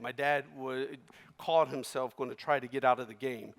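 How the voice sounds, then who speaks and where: Guy giving a keynote, emotional storytelling, goes loud then real quiet, big hall echo. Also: mid-range voice, fairly even intonation, moderate pace. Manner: emotional, swings between loud and hushed. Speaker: keynote speaker. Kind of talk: personal storytelling speech. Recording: long reverb of a large hall.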